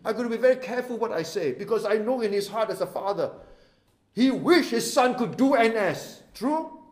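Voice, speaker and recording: Impassioned Singaporean pastor, high voice. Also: male voice, lively intonation, moderate pace, reverberant. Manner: impassioned, swinging from hushed to loud. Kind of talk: sermon. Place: church sanctuary.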